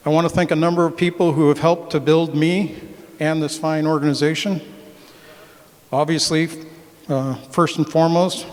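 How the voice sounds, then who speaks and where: An older man giving a reflective, thankful speech at his own retirement banquet. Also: a little high. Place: banquet hall. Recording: reverberant banquet hall.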